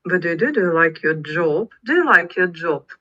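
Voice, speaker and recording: A woman chatting in English in a speaking club, halting, with many fillers. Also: lowish voice, very animated, muffled recording. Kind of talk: casual group chat in English.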